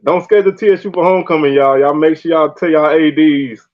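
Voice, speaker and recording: Guy in his 30s, high voice, keeps laughing thru his stories, kinda muffled recording. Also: a little fast. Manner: laughs often, animated storytelling. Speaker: podcast host. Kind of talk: casual sports chat.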